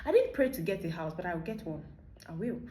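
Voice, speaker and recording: A woman's voice: on the low side, animated, a little fast, warm tone. Woman, Nigerian accent, thirties, emphatic motivational talk, echoey room. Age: 30s. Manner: emphatic, fires rhetorical questions. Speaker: vlogger. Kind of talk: motivational monologue.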